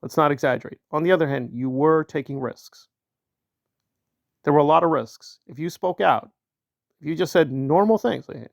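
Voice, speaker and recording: A man delivering a heated solo commentary, his voice gravelly and fairly high for a man. He hammers points with repetition and slips into sneering mock-quotes. Recorded close and dry. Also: moderate pace, dry recording. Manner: mocking put-on quotes in raised pitch. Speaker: commentary channel host.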